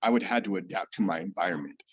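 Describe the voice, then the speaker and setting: A man's voice: low voice, quick pace, slightly rough, no room sound, dull audio. A man speaking casually on a panel, telling stories with easy laughs. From United States.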